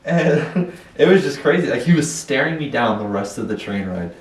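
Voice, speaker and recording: Young male podcast co-host, animated storyteller, roomy room, mic a bit far. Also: mid-range voice, moderate pace. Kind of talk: casual chat.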